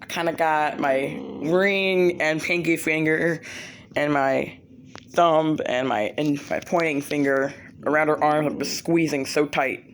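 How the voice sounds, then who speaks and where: A woman chats slowly to her phone camera at home about her cat and dog. Her voice sits a little low and unhurried. The home video carries a clear layer of background noise. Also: steady tone. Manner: slow, chatty, scolding pets in sudden high shouts. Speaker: pet owner vlogger. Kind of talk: casual vlog talk to camera. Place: home room with pets.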